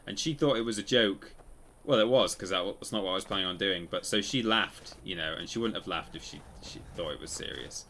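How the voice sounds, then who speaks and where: Deep-voiced man rambling through gameplay. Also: fairly quick, hardly any pauses, a bit bright, a little hiss or hum. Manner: rambling, self-correcting storyteller. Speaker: streamer playing a game. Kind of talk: casual live-stream commentary.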